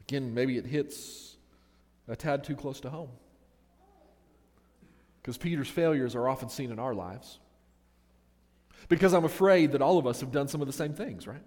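A man's voice: mid-range voice, lively intonation, moderate pace, pauses often, a little mellow, long reverb tail. A man preaching a sermon in a conversational way, asking his listeners rhetorical questions. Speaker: pastor.

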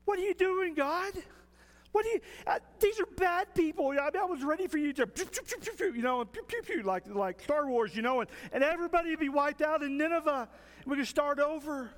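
A man's voice: very high-pitched, animated, a little fast, in a large hall, voice pushed up. A man voicing an exasperated male prophet who complains to God and adds zapping sound effects. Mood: indignant.

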